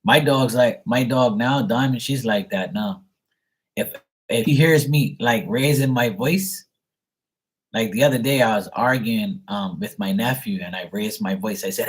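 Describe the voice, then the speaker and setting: A man's voice: medium pitch, measured pace, husky, rough recording. A man reading tarot on a livestream from home, telling rambling stories in a casual way and swearing freely. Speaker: psychic tarot reader.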